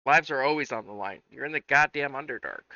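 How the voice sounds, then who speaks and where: A brash, blunt man playing a tabletop game, his voice strikingly bright and sharp. It comes through a dull, dry mic. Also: medium pitch, fast talker, dry recording. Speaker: player. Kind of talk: casual chat.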